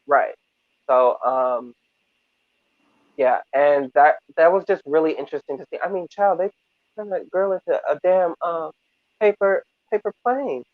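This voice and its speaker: A man co-hosting a casual review discussion, animated and hesitant, with many fillers. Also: on the high side, unhurried, dry recording. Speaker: podcast co-host. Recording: tinny, dry phone-like line.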